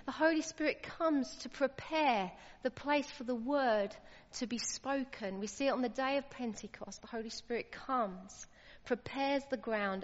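Lady giving an earnest sermon, kinda high voice, muffled lo-fi sound with long church echo. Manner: earnest, emphatic, rising to exclaim. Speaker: preacher. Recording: lo-fi with long hall reverb.

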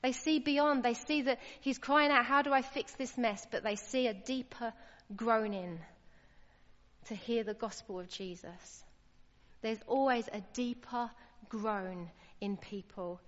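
Lady giving an earnest sermon, kinda high voice, muffled lo-fi sound with long church echo. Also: slow. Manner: earnest, emphatic, rising to exclaim. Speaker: preacher. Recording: lo-fi with long hall reverb.

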